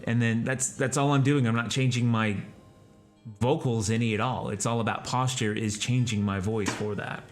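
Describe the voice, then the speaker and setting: A man's voice: medium pitch, unhurried. Man from texas, streamer, casual chat, rambling explanations, faint music behind. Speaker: streamer and voice actor.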